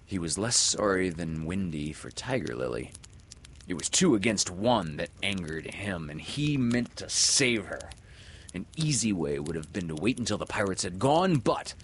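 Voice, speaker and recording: A man narrating a classic children's story aloud with an expressive, dramatic delivery. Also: deep voice, slight background noise.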